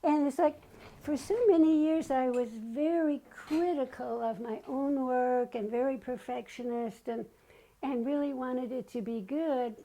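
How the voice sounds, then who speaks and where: An older woman's high, warm voice moves at a measured pace through chatty personal storytelling as a guest, with her acting out what people said. There's slight background noise, and the recording is low quality.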